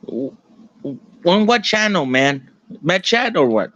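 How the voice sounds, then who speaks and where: A man's voice: on the high side, very animated, measured pace, a bit bright, no echo, lo-fi sound. A man on a casual chat panel, teasing the others and dropping in Spanish slang. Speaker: podcast panelist.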